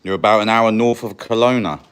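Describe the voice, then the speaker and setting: Deep-voiced Birmingham man, noisy homestead stream. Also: a little fast. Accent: Birmingham English. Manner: chatty, laid-back, calls everyone mate. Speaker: homesteader hosting a livestream. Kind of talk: casual livestream chat answering viewer comments. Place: off-grid homestead kitchen with a wood stove.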